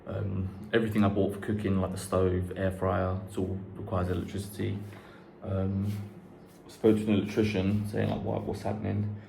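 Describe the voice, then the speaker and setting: Casual young guy, slightly low voice, loose rambling talk, recorded in a roomy empty house with a little noise. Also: monotone, moderate pace, creaky, darkish tone. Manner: rambling, chatty, swears casually. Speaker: vlogger. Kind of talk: casual chat to camera. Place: unfinished house under renovation, indoors. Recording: echoey empty room, faint background noise.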